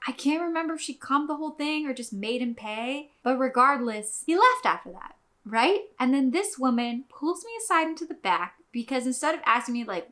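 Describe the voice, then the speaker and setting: Bright-voiced woman telling stories profanely. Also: fairly high pitch. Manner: blunt and profane, exasperated. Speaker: podcast host. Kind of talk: casual storytelling.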